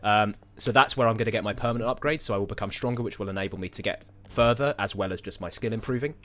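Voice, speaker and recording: A man's voice: fairly low pitch, quick pace, a bit bright. A man streaming a video game, explaining the game in a dry, jokey casual commentary.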